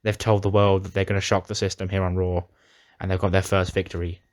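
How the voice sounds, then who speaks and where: Brief: man, lowish voice, chatty gaming recap with dramatic storytelling, dry close sound. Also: little pitch movement, fast, dry recording. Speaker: gaming YouTuber. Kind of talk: casual recap of a wrestling sim playthrough.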